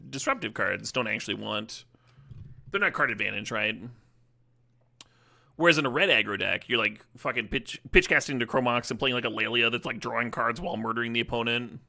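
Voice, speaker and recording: A man's voice: medium pitch, vocal fry, pushed and bright. A man streaming a card-game draft, chatting casually and telling rambling, joking stories to his viewers. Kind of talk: casual live-stream commentary.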